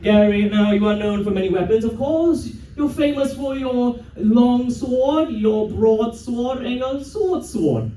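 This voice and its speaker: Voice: medium pitch, animated, measured pace, hardly any pauses. A live comedy game show host with a playful, theatrical manner who teases the audience, speaking in front of a crowd at a large convention hall. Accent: non-local. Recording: echoey hall, distant mic, loud background noise.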